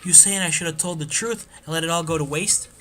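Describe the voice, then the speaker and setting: A man voicing a tough, hot-tempered young male biker in a game let's play, gruff and swearing. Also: on the high side, fast, sharp tone. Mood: angry.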